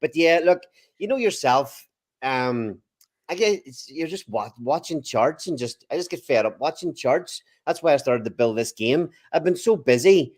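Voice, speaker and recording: An Irish man from Ireland, a game developer guest in a casual interview chat, easygoing and quick to laugh. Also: fairly high pitch, animated, a little mellow.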